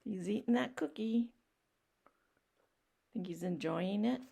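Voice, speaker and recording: A woman reading a picture book aloud to children, gently asking them questions and explaining. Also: medium pitch, takes it slowly, gravelly, breathy edge. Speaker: children's story reader.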